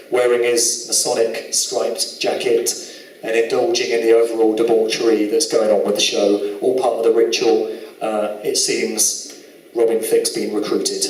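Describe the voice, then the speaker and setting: Sarcastic Southern English man lecturing. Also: mid-range voice. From England. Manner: sarcastic, indignant, moralizing. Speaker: conference speaker. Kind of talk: live lecture presentation. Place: lecture hall. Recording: echoey hall, mic from far off.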